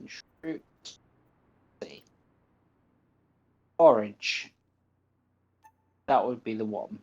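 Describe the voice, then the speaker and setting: A man's voice: on the low side, lively intonation, extremely slow, lo-fi sound. A man giving casual commentary on a game stream, chatty and laughing at himself while reading game text aloud. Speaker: gaming streamer.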